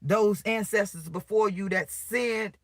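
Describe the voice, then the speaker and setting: A man's voice: high-pitched, measured pace, fairly bright tone, no echo. A man ranting in a preachy, profane way on a live video, recorded on his phone outdoors on a street. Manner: preachy, profane, agitated rant. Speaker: vlogger.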